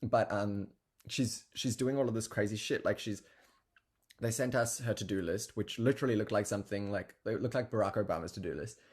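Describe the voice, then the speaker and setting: A man's voice: fairly low pitch, a little fast, darkish tone, husky. A man telling a story in a casual, chatty way, with lots of fillers and laughing asides. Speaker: guest telling an anecdote.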